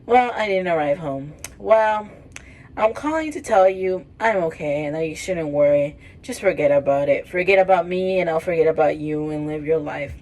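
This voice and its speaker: A woman's voice: low voice, normal speed, darkish tone, poor audio. A young woman voicing a sassy, irritated teenage girl in her old story.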